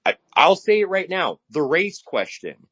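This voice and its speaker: A man's voice: fairly high pitch, very animated, unhurried, a bit bright, slightly rough. A man co-hosting a casual podcast, ranting in a heated, blunt way.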